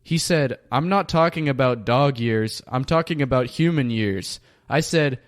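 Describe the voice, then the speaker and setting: A man hosting a comedy podcast, reading absurd diary entries in a deadpan, dry delivery. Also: mid-range voice, a little slow, hardly any pauses, dry recording. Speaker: podcast host.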